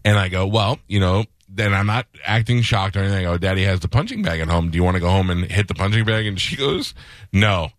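A middle-aged man hosting a radio show, telling a story with animated quoted voices in casual banter. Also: low-pitched, quick pace, no room sound, clean studio sound.

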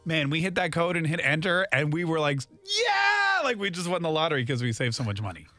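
A man hosting a radio morning show, chatting animatedly and breaking into excited voices as he tells stories. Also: fairly high pitch, fast talker. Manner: animated, jumps into excited put-on voices for anecdotes. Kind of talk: casual radio banter. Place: radio studio. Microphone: studio microphone.

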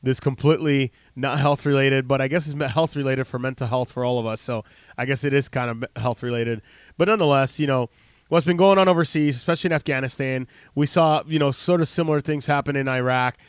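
A man's voice: medium pitch, steady tone, fast talker, smooth, no room sound, clean studio sound. A man in his late thirties from the United States, a health practitioner talking casually to camera in a rambling, heartfelt way, full of fillers and restarts. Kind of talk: casual unscripted monologue.

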